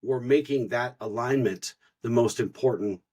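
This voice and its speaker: A man's voice: medium pitch, normal speed, dark tone. A man co-hosting a spiritual podcast, explaining stages of inner growth in an earnest teaching manner and sometimes repeating words as he thinks. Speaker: podcast co-host.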